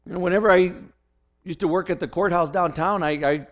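A man's voice: high-pitched, fairly even intonation, fairly quick. An older man preaching a sermon as pastor, earnest and often repeating words as he restarts his sentences. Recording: dull lo-fi recording.

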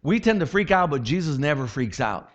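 A man preaching a sermon as a pastor, animated, acting out quotes and voices as he teaches. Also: on the high side, brisk, muffled recording.

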